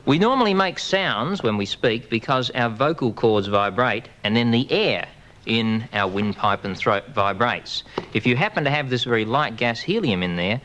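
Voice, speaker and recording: A man, presenting a science show and calmly explaining to viewers. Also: mid-range voice, normal speed, slight background noise. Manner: calm, clear explaining to viewers. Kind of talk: educational TV explanation.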